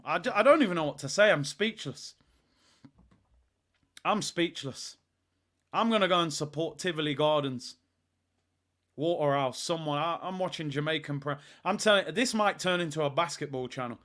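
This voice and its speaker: A man's voice: fairly high pitch, normal speed, long pauses, a bit bright. A man, hosting a live football watch-along and ranting in exasperation and sarcasm.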